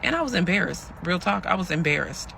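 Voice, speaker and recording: A man performs a heavily acted storytelling monologue in the voice of a pregnant young woman, chatty and addressing listeners as "y'all" while acting out her quoted lines. His high-pitched, gravelly voice is fast, sing-song, pushed and bright, with a little hiss or hum. He sounds weary and aggrieved.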